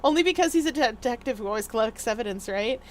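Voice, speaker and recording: A woman's voice: on the high side, expressive, fast talker. A young adult woman chatting casually to her viewers on a gaming livestream, in a rambly way with lots of fillers. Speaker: streamer.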